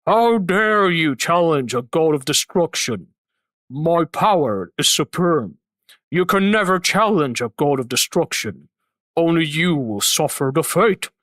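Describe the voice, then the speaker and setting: A man voicing an arrogant male god of destruction who boasts and threatens in a lowered voice. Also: lively intonation, a little slow, fairly bright tone, dry recording, studio quality. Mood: menacing.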